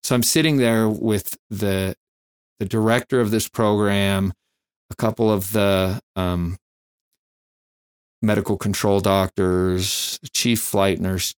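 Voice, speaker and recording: A man, a firefighter and flight nurse, telling candid stories in an interview, reflective and halting with many fillers. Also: fairly low pitch, fairly even intonation, clear, resonant tone, no echo, clean studio sound.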